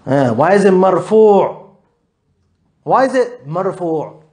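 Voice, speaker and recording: Leading a live Arabic grammar lesson, a man with a high-sitting, dark-toned voice speaks slowly and very animatedly. He drills his students patiently with repeated questions, blending Arabic terms into his English.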